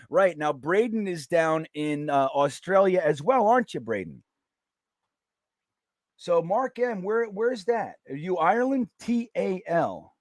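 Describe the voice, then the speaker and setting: Animated chatty man hosting a live stream. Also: high-pitched, unhurried, dry recording, studio quality. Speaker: host of a live watch party stream. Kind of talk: casual live-stream chat reading viewer comments.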